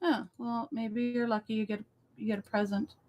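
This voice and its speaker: A woman's voice: on the high side, little pitch movement, moderate pace, darkish tone. A woman co-hosting a casual crafting livestream over a video call. She explains things step by step and keeps checking "okay?". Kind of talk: casual chat.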